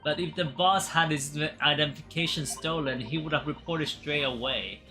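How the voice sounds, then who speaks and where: A woman's voice: low-pitched, normal speed, soft background music. A woman streaming a courtroom game, reading its dialogue aloud and breaking off to laugh and joke. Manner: laughs often, playful and animated. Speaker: gaming streamer. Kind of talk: let's play with read-aloud dialogue.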